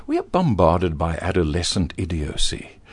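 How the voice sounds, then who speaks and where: An older man with a husky, lowish voice talks as an interview guest. He tells anecdotes with animation and stumbles over frequent restarts. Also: moderate pace. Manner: animated storyteller, stammers on restarts. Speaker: veteran broadcaster, guest. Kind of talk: interview conversation.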